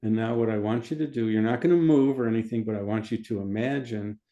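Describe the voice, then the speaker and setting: Physician guest, low mellow voice, steady and methodical. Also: male voice, quick pace, dull audio. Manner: calm, methodical, repeats phrases. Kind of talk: explaining in an interview.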